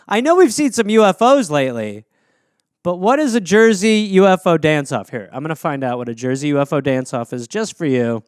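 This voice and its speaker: High-voiced man riffing on a comedy podcast. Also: expressive, a little fast, smooth, no room sound, studio quality. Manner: profane, riffing, incredulous. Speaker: podcast host. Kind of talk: comedic rambling monologue.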